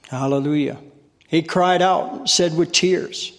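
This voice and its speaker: Speaking at a measured pace and steady tone, a man with a somewhat high voice weaves folksy, self-deprecating stories into his sermon. His voice carries a long hall reverb.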